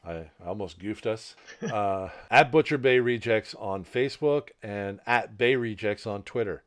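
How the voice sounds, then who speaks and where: A man's voice: lowish voice, unhurried. A man co-hosting a podcast in casual chat, rambling and repeating words as he restarts, on a laptop mic. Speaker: podcast co-host.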